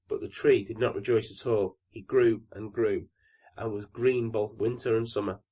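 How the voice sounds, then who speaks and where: A man narrating a classic fairy tale audiobook in a calm, even storytelling manner. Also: fairly low pitch, normal speed, dull audio.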